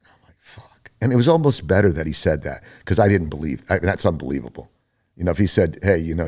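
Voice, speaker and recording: Low-voiced older man spinning a yarn. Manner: animated, acts out other people's lines in a raised voice; loose and chatty, full of fillers and restarts. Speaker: podcast guest. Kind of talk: rambling storytelling in an interview.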